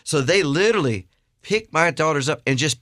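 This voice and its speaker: A middle-aged man, a guest songwriter and worship leader, telling an animated, self-deprecating story with frequent restarts. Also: on the high side, a little fast, no room sound, studio quality.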